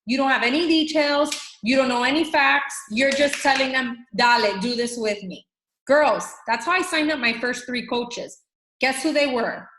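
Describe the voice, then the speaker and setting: Upbeat woman team coach, slightly high voice, echoey room, animated pep talk. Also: moderate pace, slight background noise. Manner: animated, acts out quoted dialogue. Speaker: fitness coach team leader. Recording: roomy echo.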